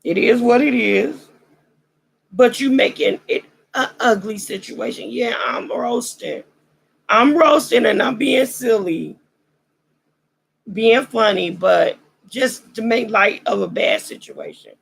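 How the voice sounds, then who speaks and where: A woman's voice: fairly high pitch, slow pace, gravelly, slight background noise, poor audio. A woman hosting a vlog, giving a casual commentary monologue. She roasts and preaches in a slangy way, and her throat is dry as she loses her voice. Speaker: vlog host.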